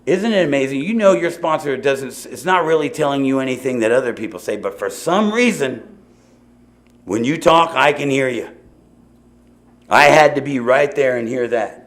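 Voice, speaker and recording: Expressive and fairly bright, this middle-aged man's mid-range voice moves at a normal speed. Addressing a recovery meeting audience in a meeting hall, he tells his story in a loose, chatty manner, with frequent asides and repeated "you know"s.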